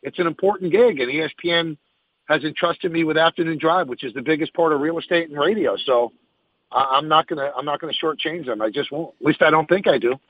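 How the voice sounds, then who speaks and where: Sports radio guy talking straight, a bit husky, slightly high, dull lo-fi sound. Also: fast, no room sound. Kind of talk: candid interview answers.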